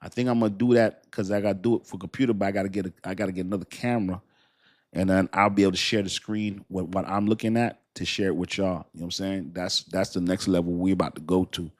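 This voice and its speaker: A man's voice: low voice, steady tone, quick pace, a little mellow. A man hosting a casual crypto livestream, talking straight to his viewers in a rambling, slangy way, laughing often and poking fun at himself. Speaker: crypto channel host.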